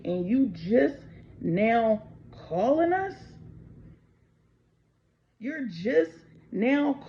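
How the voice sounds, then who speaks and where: Woman from the us telling her story to camera, slow and gravelly, lots of um and like, dull lo-fi sound. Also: on the high side. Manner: raw, unscripted telling with many fillers. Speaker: channel host. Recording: dull lo-fi with faint background noise.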